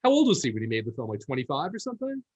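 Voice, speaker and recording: A man interviewing a film director, engaged and quick with affirmations and follow-up questions. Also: mid-range voice, wildly swooping pitch, darkish tone, breathy edge, dull audio. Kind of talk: casual interview.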